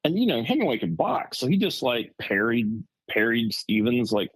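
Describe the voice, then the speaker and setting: A man on a podcast telling a story in casual chat, rambling and animated with lots of fillers. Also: medium pitch, moderate pace, breathy edge, dry recording, low-quality recording. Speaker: podcast co-host.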